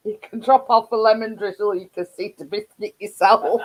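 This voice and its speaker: A woman's voice: mid-range voice, brisk, few pauses, low-quality recording. A woman with a Yorkshire accent hosting a casual live stream, rambling with frequent laughs and restarts.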